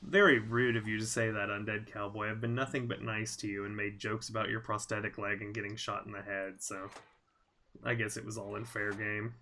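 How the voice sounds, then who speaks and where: A man's voice: lowish voice, little pitch movement, brisk, sharp tone, a little hiss or hum. A man from Southern Indiana hosting a let's play, chatting casually and rambling as he plays and reads chat. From Southern Indiana, USA. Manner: rambling, self-deprecating, reads chat aloud. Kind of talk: casual gameplay commentary.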